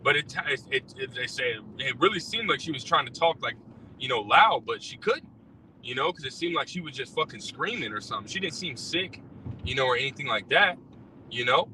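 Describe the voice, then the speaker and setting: A man's voice: medium pitch, animated, fairly quick, pushed and bright. A man who drives for a rideshare service, ranting bluntly and profanely about scripture, packed with fillers and repeats. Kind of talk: casual religious rant. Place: in a car. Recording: distant mic with faint car noise.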